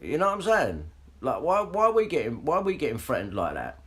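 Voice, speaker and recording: A man's voice: on the high side, wildly swooping pitch, fast talker. A man ranting casually and swearing a lot as he talks straight to his livestream viewers. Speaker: livestream vlogger.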